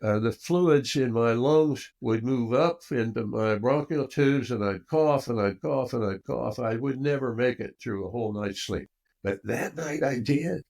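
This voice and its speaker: A man's voice: a little slow, creaky. An older man, a guest on an interview show, telling a personal story and acting out the dialogue with big swings in voice. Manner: animated storyteller who acts out dialogue with big swings in pitch and loudness.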